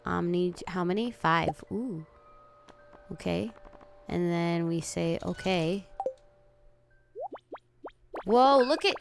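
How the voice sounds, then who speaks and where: A woman's voice: on the low side, slow, gravelly, long pauses. A woman livestreaming a farming game, chatting casually with her viewers and gushing over cute characters. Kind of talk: casual gameplay commentary. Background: game music.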